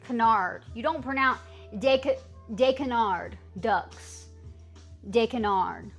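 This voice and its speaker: High-voiced, unhurried American woman streamer. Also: faint music behind. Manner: playful, chatty, trying out clumsy French phrases. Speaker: livestreamer. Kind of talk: casual chat with live stream viewers.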